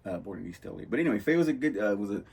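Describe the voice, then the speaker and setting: A husky, low-voiced man talks loosely through film scenes. He rambles and keeps acting out the characters' lines as he goes. The tone is casual, podcast-host chat. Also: expressive, very fast, a little mellow. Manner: rambling, laid-back storyteller acting out movie lines. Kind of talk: casual chat about movies.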